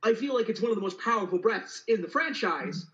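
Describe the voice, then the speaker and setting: A man's voice: high voice, lively intonation, a little fast, fairly bright tone, lo-fi sound. A man in a casual film discussion, talking as an eager fan in long explanatory run-ons. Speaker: podcast co-host.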